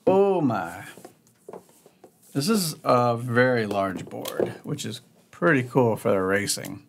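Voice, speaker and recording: A man's voice: mid-range voice, lively intonation, measured pace, creaky, slight background noise. A man hosting a board game channel, giving casual, upbeat unboxing commentary and thinking aloud as he goes.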